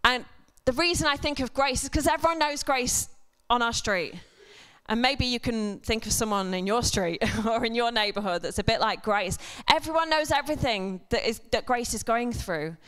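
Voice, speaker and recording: A woman preaches to a church congregation in a relaxed, chatty way. Her voice sits a little high and sounds smooth and resonant. She drifts into self-deprecating humor and quick asides. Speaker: church speaker. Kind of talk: conversational sermon. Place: church service before a congregation.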